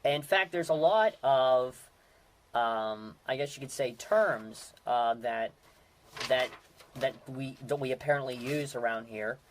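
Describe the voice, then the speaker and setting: A man's voice: medium pitch, slow, a little hiss or hum. Man in his thirties, solo podcast host, rambling chatty delivery, mid-range voice. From Western Pennsylvania. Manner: rambling, many fillers and restarts. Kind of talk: casual solo talk.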